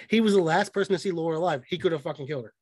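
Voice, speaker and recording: A man with a fairly high voice co-hosts a casual podcast chat, excited and profane, with a mocking edge. He is recorded dry and close, with no room sound. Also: breathy edge, no echo. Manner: excited, profane, mocking, quick bursts of mimicry. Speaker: podcast co-host.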